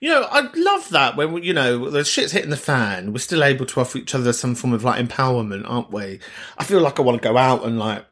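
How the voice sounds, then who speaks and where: A man's voice: mid-range voice, big pitch swings, fast talker, fairly bright tone. A man hosting a podcast, chatting casually and swearing freely as he reacts to listener messages. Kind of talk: casual chat.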